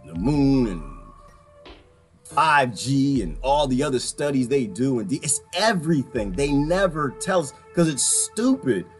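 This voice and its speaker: Guy ranting to his viewers, voice jumps high and low all over, laughing, soft music under it. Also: measured pace. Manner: animated, laughing, swings between loud and low. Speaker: video commentator. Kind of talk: casual political rant.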